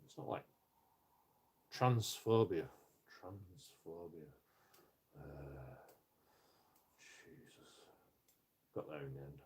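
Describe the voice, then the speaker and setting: A man's voice: rumbling low, animated, very slow, long pauses, breathy edge. A man ranting casually on a live stream, rambling and profane, with lots of stumbling restarts.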